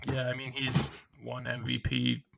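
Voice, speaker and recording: A man's voice: medium pitch, very animated, measured pace, creaky, bright, forceful tone, slight background noise. A young man co-hosting a casual podcast, rambling with fillers. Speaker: podcast co-host.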